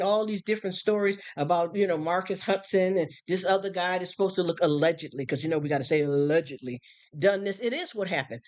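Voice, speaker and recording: A live-stream host talking at home in a casual, preachy monologue, firing off rhetorical questions about faith and giving. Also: medium pitch.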